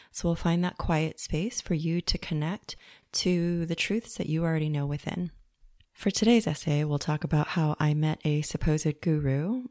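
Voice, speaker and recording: A woman podcast host reading a personal essay in a calm, reflective way. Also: deep voice, no echo, clean studio sound.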